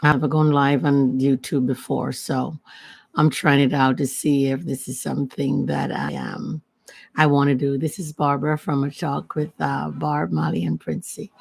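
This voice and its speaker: A woman talks straight to her viewers in a loose, rambling livestream monologue. Her voice has a gravelly edge, and she leans hard on her points, circling back and repeating herself as she goes. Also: sits low, a little mellow. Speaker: host of a personal talk channel. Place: at home with her dog.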